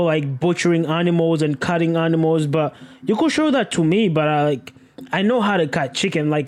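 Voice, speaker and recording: A young man vlogging in a profane, rambling way, breaking into sudden high exclamations. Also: darkish tone. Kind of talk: casual rambling chat.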